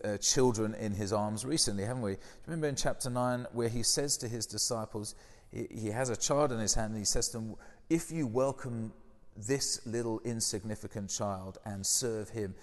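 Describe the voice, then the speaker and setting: A man's voice: on the low side, long reverb tail. A man preaching a conversational sermon, often putting questions to his listeners.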